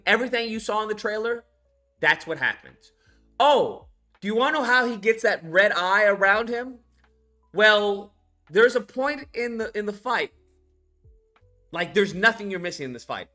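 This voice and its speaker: A man casually recapping a film scene by scene, swearing a lot and acting out the characters as he goes. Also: sits high. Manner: profane, animated, retells scenes by acting them out. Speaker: film reviewer.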